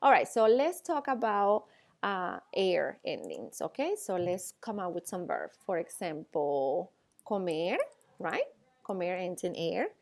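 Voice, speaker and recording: A woman's voice: lowish voice, very animated, creaky. Patient woman teaching, checking in often. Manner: explains slowly with frequent "okay?" and "all right?" checks. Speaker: Spanish teacher. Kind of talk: classroom lecture.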